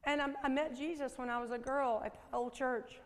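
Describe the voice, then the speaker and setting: A Southern American woman in her fifties preaching a lively, folksy sermon in a church sanctuary and questioning the congregation. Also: sits high, brisk. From Southern United States. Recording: echoey church hall.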